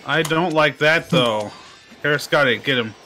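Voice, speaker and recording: A man hosting a casual card-game session with friends, excitable and teasing, laughing often. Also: on the high side, a little slow, soft background music. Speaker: gaming channel host. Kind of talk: casual gameplay chat with friends.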